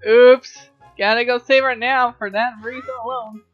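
A woman's voice: fairly high pitch, steady tone, moderate pace. A woman joking sarcastically while commenting on a video game, with faint game music behind on a dull recording. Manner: sarcastic, playful. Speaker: let's play co-host.

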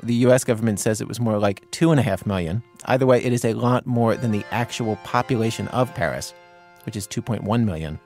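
A man with an American accent hosting a radio program in a measured, wry, conversational way. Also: fairly low pitch, a little mellow, soft background music. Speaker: radio host. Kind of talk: scripted radio narration.

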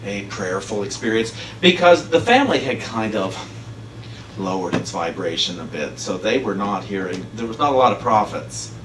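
Minister preaching in an echoey hall. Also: male voice, fairly low pitch, normal speed. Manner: conversational, laughing often, animated storytelling. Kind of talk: casual sermon. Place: church sanctuary. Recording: echoey hall, far from mic, noisy.

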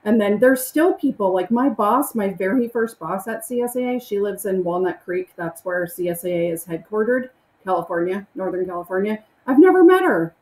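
Chatty woman guest, roomy sound. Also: normal speed. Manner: animated, acts out excited greetings in a high voice. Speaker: interview guest. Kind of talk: casual interview chat.

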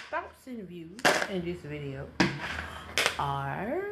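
A woman's voice: on the low side, animated, reverberant, heavy background noise. A woman giving a casual vlog rant as a spiritual advisor, blunt and heavily profane, drawing out words for emphasis. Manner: unhurried with drawn-out emphasis.

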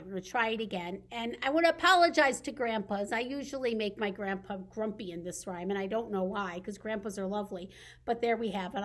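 A woman's voice: high-pitched, a bit bright. A woman leading a baby storytime as a children's librarian, reading picture books and rhymes in a playful sing-song way with gasps and sound effects.

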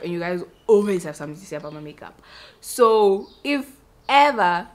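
A young woman, a beauty vlogger chatting casually and self-mockingly while doing her makeup. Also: fairly low pitch.

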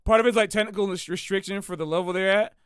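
A man, a jazz musician hosting a livestream, talking in a casual, slangy and animated way and repeating phrases for emphasis. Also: high-pitched, quick pace, smooth, dry recording, clean studio sound.

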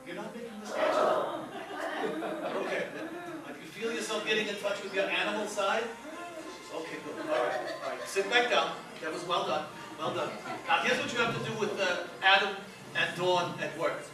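A man's voice: high-pitched, expressive, normal speed, over music. A man playing a grandiose, mock-mystical psychic doctor in a live stage comedy bit. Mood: pompous. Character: pompous self-assured male psychic doctor. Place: stage before a live audience. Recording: echoey noisy room, mic far off.

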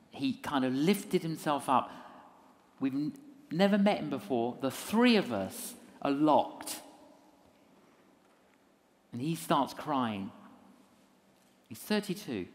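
A man, a minister, telling a story in a lecture with self-mocking humor and acted-out voices. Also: mid-range voice. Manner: animated storyteller who acts out voices. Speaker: minister and evangelist.

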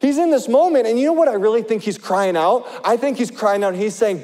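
Male pastor, mellow yet high-pitched voice, passionate sermon delivery with long hall echo. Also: brisk. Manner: impassioned, swings from loud to hushed.

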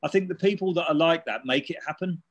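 A man's voice: fairly high pitch, quick pace, husky, highs cut off. A man in his fifties, interviewed as an electronic musician, talking in a rambling, casual way with lots of fillers and restarts. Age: 50s. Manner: rambling, many fillers and restarts, laughs while telling stories. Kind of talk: casual chat.

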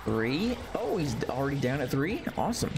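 A man live-streaming a retro platform game, chatting casually and reacting with excited, easily delighted commentary. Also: medium pitch, moderate pace. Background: faint game music.

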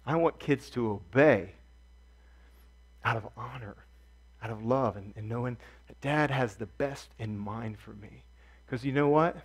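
A male pastor giving an earnest sermon, repeating key phrases and swinging from hushed, soft passages to loud emphatic ones. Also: mid-range voice.

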